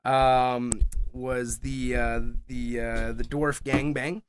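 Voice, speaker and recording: A man's voice: mid-range voice, flat delivery. Casual male host, ums a lot, faint noise under the mic. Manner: steers talk back to sports, halting with ums. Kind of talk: casual sports chat.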